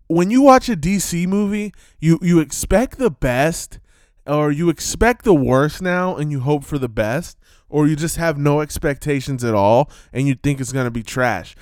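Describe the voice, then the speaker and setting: A man giving casual, animated commentary, swearing and jumping between topics with loud outbursts. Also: on the high side, clear, resonant tone, no room sound, studio quality. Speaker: vlogger.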